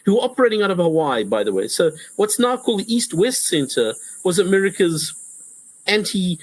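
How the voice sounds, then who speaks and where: A man with a husky, rather high voice talks as an interview guest, swinging his pitch widely as he explains. He often stumbles into restarts and briefly acts out what others said. The sound is close and dry, with no room around it. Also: a little fast, no room sound, poor audio. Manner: animated, repetitive restarts, acts out quotes. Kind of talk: conversational interview.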